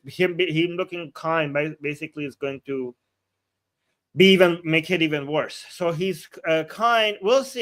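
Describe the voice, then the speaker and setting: A man's voice: on the high side, fairly bright tone. Sarcastic male political livestreamer. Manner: sarcastic, blunt, frequent restarts. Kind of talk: casual commentary reading and reacting.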